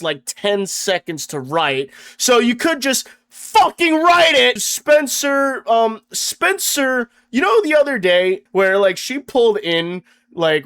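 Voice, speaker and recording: Young male vlogger, high-pitched, deadpan-sarcastic comic rant, profane, stammers and restarts. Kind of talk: comedic rant to camera.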